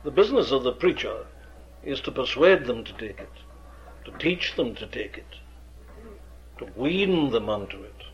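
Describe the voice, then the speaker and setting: A man's voice: medium pitch, sing-song, moderate pace, long pauses. A man, an experienced preacher lecturing earnestly on how to preach, with emphatic rhetorical questions. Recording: dull lo-fi archive recording.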